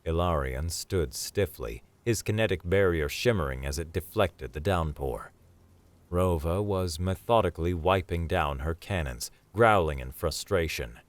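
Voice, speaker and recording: A man narrating a scripted sci-fi story in a steady, dramatic storytelling manner. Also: sits low, a little slow, no echo.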